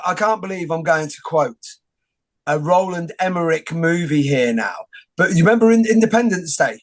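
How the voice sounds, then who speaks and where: A man hosting a casual interview, rambling and joking with many restarts and film quotes. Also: a little high. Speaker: host. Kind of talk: casual conversation.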